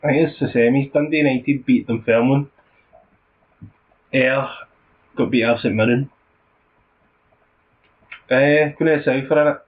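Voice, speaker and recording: A man's voice: medium pitch, normal speed, pauses often. A Scottish man co-hosting a football podcast, chatting casually and telling stories with lots of laughter. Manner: laughing, animated storytelling. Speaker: podcast co-host. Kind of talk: casual chat. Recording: muffled lo-fi podcast audio.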